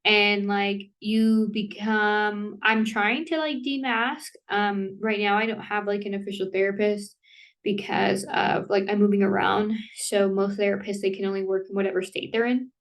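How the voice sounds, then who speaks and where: A woman talking casually to camera in a rambling, self-interrupting way, filling her speech with "like" and quick apologies, with laughs between thoughts. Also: mid-range voice, steady tone. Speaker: vlogger. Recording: voice somewhat distant from the mic.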